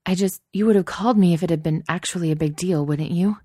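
A woman's voice: on the low side, steady tone, measured pace, creaky, darkish tone, dry recording, studio quality. A woman voicing an anxious teenage girl who stammers out flustered apologies. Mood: urgent.

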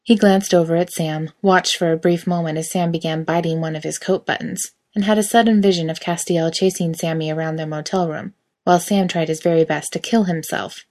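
A woman reading a story aloud in steady, quiet narration. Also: on the low side, fairly quick. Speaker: reader.

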